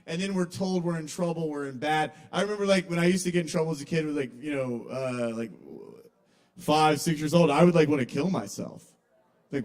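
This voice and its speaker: A young man with a drawl tells stories at an open mic in a kava bar. His voice sits a little high, and his delivery is confessional and rambling, with sudden loud outbursts in his acted quotes. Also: a little fast. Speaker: stand-up comedian at an open mic. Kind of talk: casual stand-up comedy.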